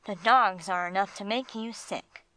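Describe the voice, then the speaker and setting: A woman voicing a gruff, streetwise male bulldog with slangy tough-guy talk, read for an audiobook. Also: medium pitch, a little slow, pushed and bright, no echo, low-quality recording. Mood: blunt.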